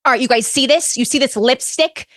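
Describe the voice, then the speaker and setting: Over-the-top lipstick reviewer, played by a woman, high and breathless, on a dry mic. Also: brisk, a bit bright, dry recording. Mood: gushing.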